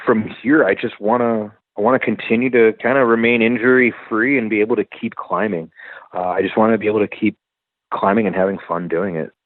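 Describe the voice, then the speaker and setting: A man's voice: on the low side, steady tone, brisk, dry recording. A man in his forties, a guest telling a story in casual, profane and vivid talk. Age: 40s. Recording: tinny phone-like, dry.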